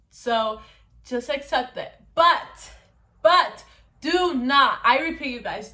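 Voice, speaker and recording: A woman's voice: high voice, fairly bright tone. A young woman vlogger chatting casually to her viewers, often saying "you guys" and "okay". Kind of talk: casual talk to camera.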